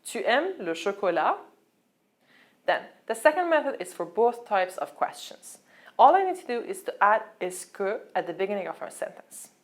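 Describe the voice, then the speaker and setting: A woman, teaching an online language lesson, who explains patiently and says her examples slowly. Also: medium pitch, very animated.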